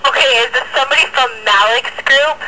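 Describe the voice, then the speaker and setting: A woman's voice: high voice, fast, heavy background noise. A young woman on a phone call, laughing, puzzled, and repeatedly asking who the caller is. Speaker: prank call target. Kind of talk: casual phone conversation. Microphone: telephone.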